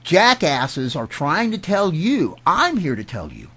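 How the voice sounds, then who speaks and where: A man's voice: fairly high pitch, huge pitch swings, measured pace, bright, forceful tone, breathy edge. A middle-aged man delivering an angry political rant, indignant and emphatic, often restarting his words. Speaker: political commentator.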